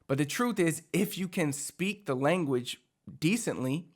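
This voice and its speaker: Animated Puerto Rican man coaching languages. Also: a little high, unhurried. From Puerto Rico. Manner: animated, chatty, many fillers like "like". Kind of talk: casual teaching monologue.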